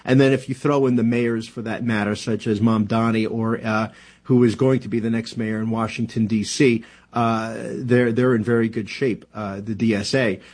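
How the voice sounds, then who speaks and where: A man's voice: lowish voice, steady tone, a little mellow. A man from New Jersey, a political commentator talking casually in a radio interview, with lots of fillers and restarts. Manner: halting, many fillers and restarts.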